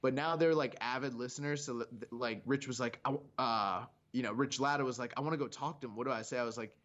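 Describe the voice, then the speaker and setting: A laid-back man co-hosting a podcast, chatting casually and joking with a relaxed, unhurried delivery. His mid-pitched voice comes through dull and lo-fi. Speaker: podcast co-host. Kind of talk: casual chat. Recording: dull lo-fi sound.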